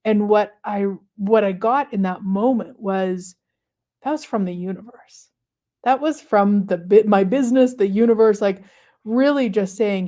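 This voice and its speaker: A woman hosting a live stream, talking casually and reflectively to viewers with many pauses and fillers. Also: mid-range voice, warm tone. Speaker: host of a manifestation livestream.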